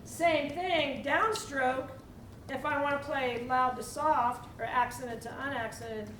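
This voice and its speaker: A woman teaching a live percussion clinic to students, energetic and coaxing, often asking the room questions. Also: high voice, slow pace, a little hiss or hum. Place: school band room with students. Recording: echoey room from far off, with drumming.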